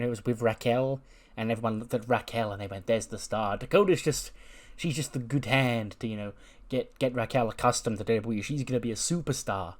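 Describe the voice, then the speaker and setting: Brief: man doing a fiery female wrestling challenger, earnest and confrontational, mid-pitch. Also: close to an everyday voice.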